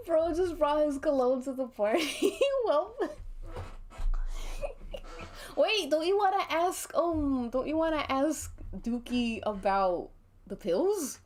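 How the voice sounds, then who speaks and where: A playful woman running a tabletop mystery game as game master. She talks slowly, with a lively, bouncing pitch and frequent giggles. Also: slight background noise. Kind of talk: narrating a tabletop murder mystery game on stream.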